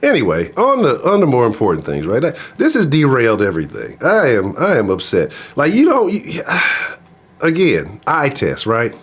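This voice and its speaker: A man hosting a live sports talk stream, ranting in an animated, profane, casual way. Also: medium pitch, moderate pace, husky. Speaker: sports talk show host.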